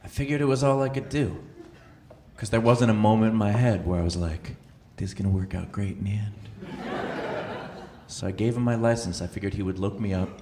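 Sarcastic stand-up comedian, echoey stage. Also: male voice, on the low side, brisk, long pauses, dark tone. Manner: sarcastic, incredulous storytelling. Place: live comedy venue with audience. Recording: echoey venue with audience noise.

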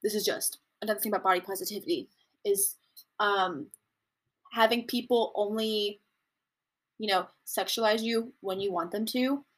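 A woman's voice: fairly even intonation, normal speed. A young adult woman hosting a casual commentary podcast from home, chatting in a rambling way. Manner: chatty, rambling, with mocking high-pitched impressions. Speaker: podcast host.

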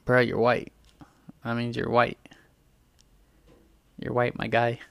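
A man's voice: medium pitch, completely flat delivery, slow, creaky, a bit bright, clean tone, dry recording. A man hosting a show, telling a rambling, profane story in a casual, slangy way.

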